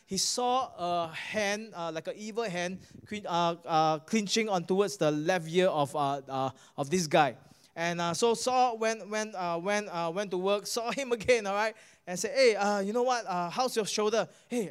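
High, clear Singaporean preacher man. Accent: Singaporean English. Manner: animated preaching, asks the crowd "guess what?" and "all right?"; halting restarts and repeated words. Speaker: pastor. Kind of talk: sermon with testimony storytelling.

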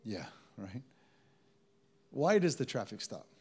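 A man's voice: medium pitch, big pitch swings, slow, slightly rough. A man preaching a sermon to a live congregation, telling stories in a conversational way and calling on the audience to respond. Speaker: pastor.

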